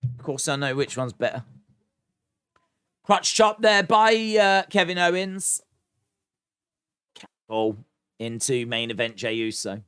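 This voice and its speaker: A man's voice: mid-range voice, animated, slow, pauses often, fairly bright tone, clean tone, no room sound, studio quality. An English man hosting a live stream, casually reading viewer comments with playful, mock-indignant banter. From England. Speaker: live stream host reacting to wrestling.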